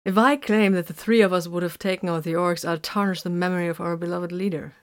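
A woman's voice: fairly low pitch, fairly even intonation, quick pace, natural voice. A woman reading the part of a weary, sardonic male space marine in a storybook reading, dry and tired. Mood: wry. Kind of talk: audiobook character reading.

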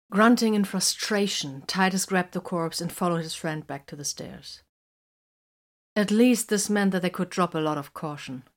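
Female narrator, lowish voice, measured scripted storytelling.

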